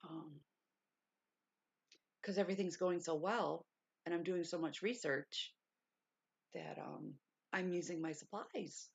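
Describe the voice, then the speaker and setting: A woman chatting casually to her stream viewers from her bedroom, repeating herself and gushing with excitement, sometimes keeping her voice down. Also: fairly low pitch, slow pace, vocal fry, pauses often, slightly rough, no echo. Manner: hushed at times to stay quiet. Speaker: vlogger. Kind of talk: casual livestream chat. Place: bedroom at home. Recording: dull lo-fi sound.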